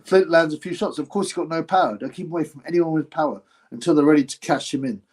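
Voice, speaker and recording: Talking fast in a fairly high, slightly mellow voice, a male livestreamer mocks a boxing fight with blunt remarks. Between jabs at the fighters, he reads out what viewers post in the chat.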